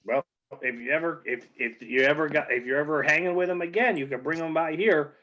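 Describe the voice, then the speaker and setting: A man's voice: on the high side, a little fast, pushed and bright, pitched above the performer's own voice. A man playing a friendly small-town bartender who talks in a rambling, hesitant, welcoming way, on dull lo-fi audio.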